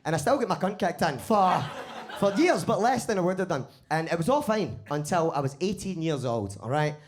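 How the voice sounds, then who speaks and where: A man with a Glaswegian accent performing a live stand-up set in a basement comedy club. He swears freely and talks in an animated way. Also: sits high, brisk, a little hiss or hum. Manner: swearing, animated, laughs at own jokes.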